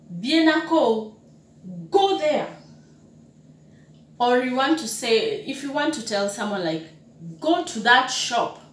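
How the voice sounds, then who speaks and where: A young adult woman teaching simple words in a casual lesson, slowly and patiently repeating each word several times. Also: on the high side, recorded from a distance. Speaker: language teacher. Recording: echoey room, voice away from the mic, faint background noise.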